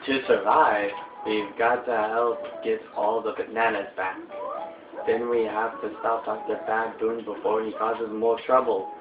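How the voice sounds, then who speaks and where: A teenage boy doing let's play commentary, excitable and swearing when frustrated, often drawling his words. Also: fairly low pitch, measured pace. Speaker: gameplay commentator. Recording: tinny phone-like audio in an echoey room. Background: game music.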